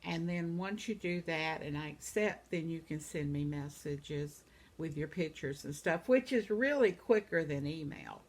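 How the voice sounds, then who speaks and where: A woman's voice: sits low, a little slow. A woman in her seventies chatting casually at home, reading out viewer comments and laughing often. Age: 70s. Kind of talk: casual chat.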